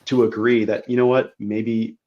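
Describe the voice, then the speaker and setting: A man with a low voice talks through his points carefully, often restarting words as he explains. The recording sounds dull and lo-fi. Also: level tone. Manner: measured, explanatory, repeats words. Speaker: guest. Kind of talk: analytical interview talk.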